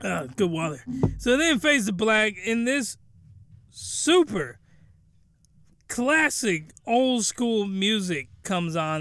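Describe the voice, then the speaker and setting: A man giving a crude, rambling comedic recap of a show in an animated way. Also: high-pitched, slow, clean tone, no echo.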